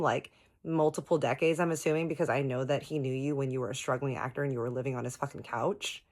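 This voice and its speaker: A woman vlogger telling a story in a casual, animated, emphatic way. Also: rumbling low, fast. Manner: animated, emphatic, dramatic retelling.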